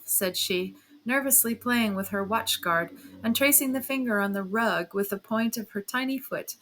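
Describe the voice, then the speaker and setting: Bright-voiced woman reading a classic novel. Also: a little high, normal speed, hardly any pauses. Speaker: narrator.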